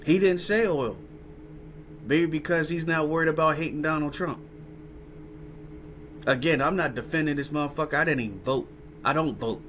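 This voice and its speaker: A man's voice: on the high side, moderate pace, long pauses, fairly bright tone, a little hiss or hum. A man hosting a casual reaction commentary, rambling and profane, often tagging lines with "right?" and "huh?". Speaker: host reacting to a clip.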